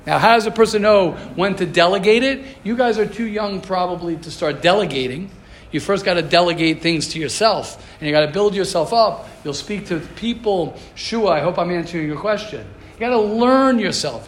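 A man with a high voice gives an informal class to yeshiva students, mixing personal stories with lessons. He grows animated and stacks up emphatic repeated lines. The room is echoey, with faint noise behind him. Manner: animated, builds to emphatic repetition. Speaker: yeshiva rabbi teaching a class. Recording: roomy echo, faint background noise.

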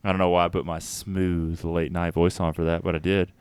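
A man's voice: low voice, level tone, brisk, darkish tone, clean tone, dry recording. A man co-hosting a casual podcast who jokes around and rattles through long lists of names. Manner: joking, rattles off name lists. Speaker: podcast co-host. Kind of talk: casual chat.

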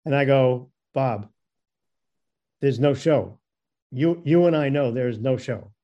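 A man's voice: mid-range voice, slow, warm tone, dull audio. A man telling a long anecdote in casual talk, stammering and repeating words as he acts out what others said. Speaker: guest storyteller.

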